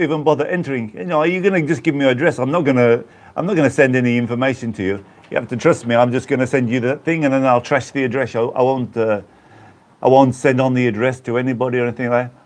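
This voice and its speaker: Rambling chatty man, a bit high. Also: a little mellow. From Black Country, England. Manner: rambling, chatty, greets viewers by name. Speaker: live-stream host. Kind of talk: casual live-stream chat with viewers.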